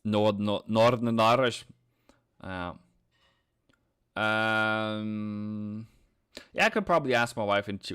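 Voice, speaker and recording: A man's voice: fairly low pitch, fairly bright tone, clean tone. A man hosting a live trading stream, talking through charts and joking with his viewers. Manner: joking banter, drawn-out chart talk.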